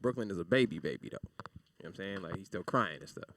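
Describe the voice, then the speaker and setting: A man in his thirties tells a story with a lot of animation and acts out the people in it. His pitch swings widely and he races along, recorded dry and close. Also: lively intonation, fast, fairly bright tone, no echo, far from the mic. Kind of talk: casual chat.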